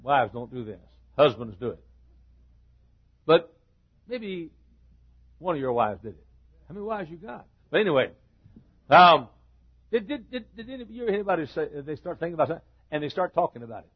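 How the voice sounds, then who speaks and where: Husky high-voiced preacher in dull recording. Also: male voice, very animated, fairly quick, pauses often. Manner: repetitive preaching cadence, rising to shouts. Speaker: pastor. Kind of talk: sermon.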